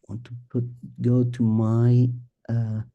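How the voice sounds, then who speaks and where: A middle-aged man presenting a statistics talk at a symposium, speaking haltingly, restarting sentences and thinking aloud as he works through his slides. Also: mid-range voice, completely flat delivery, phone-quality sound. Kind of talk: academic statistics lecture.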